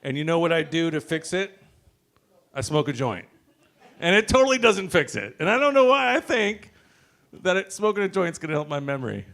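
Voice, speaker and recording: A man's voice: on the high side, big pitch swings, fairly quick, a bit bright. A man hosting an open mic comedy night on a wireless mic in a brewery, rambling and laughing at his own jokes. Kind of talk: stand-up banter. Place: brewery bar with ceiling sensors. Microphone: wireless handheld mic.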